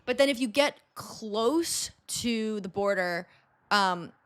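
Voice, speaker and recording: A woman's voice: medium pitch, slow pace, clear, resonant tone, dry recording. Laughing woman podcast co-host. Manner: animated, laughs often, swears casually. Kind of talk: casual comedic chat.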